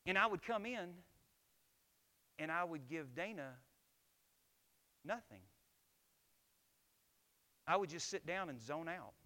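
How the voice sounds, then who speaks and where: A man's voice: a little high, lively intonation, slow, pauses often, bright, forceful tone. A middle-aged man preaching a sermon as pastor, emphatic and asking the congregation rhetorical questions.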